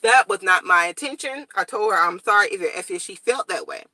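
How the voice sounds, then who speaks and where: A young woman chats to her viewers in a casual morning vlog, blunt and straightforward. Her voice is bright and sharp. The sound is dry and close, with no room echo. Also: medium pitch, normal speed. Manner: blunt, straightforward, animated storytelling. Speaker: vlogger.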